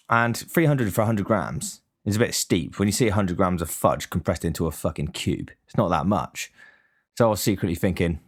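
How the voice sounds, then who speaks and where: A young man telling a rambling, sweary story in a casual, deadpan complaining way. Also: sits low, brisk.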